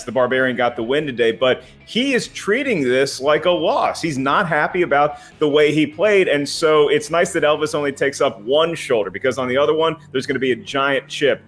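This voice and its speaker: A man's voice: on the high side, fairly bright tone. A man co-hosting a competition show, offering wry, teasing banter and analysis. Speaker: co-host.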